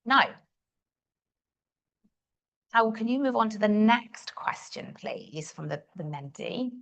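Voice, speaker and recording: A woman's voice: mid-range voice, expressive, takes it slowly, gravelly, fairly bright tone. Northern Irish woman coaching. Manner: encouraging, repeats words for emphasis. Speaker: communication coach. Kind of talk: live coaching session.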